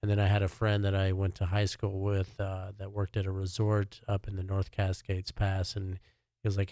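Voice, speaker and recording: Relaxed low-voiced man, casual chat. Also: moderate pace, dry recording, clean studio sound. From Alabama, US. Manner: relaxed, chatty, many fillers. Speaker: guest, personal chef.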